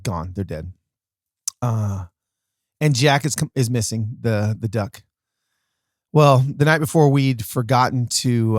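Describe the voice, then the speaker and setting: A man hosting a podcast, telling a casual story in an animated way with comic exaggeration and self-mocking asides. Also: medium pitch, no room sound, studio quality. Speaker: podcast host.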